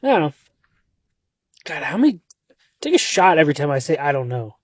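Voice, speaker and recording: A man's voice: on the high side, big pitch swings, fairly quick, breathy edge, no room sound, dull audio. A young man leaving a long, rambling and profane voice message from his car at night, dazed and worn out, drifting from one thought to the next. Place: inside a car on a country road at night. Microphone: phone.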